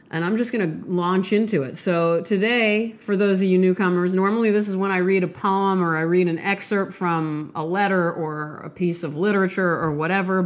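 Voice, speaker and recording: Sniffly, apologetic woman podcast host. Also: on the low side. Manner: chatty, self-deprecating, apologetic, swears casually. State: sick, stuffy nose, sniffling. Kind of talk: casual solo podcast monologue.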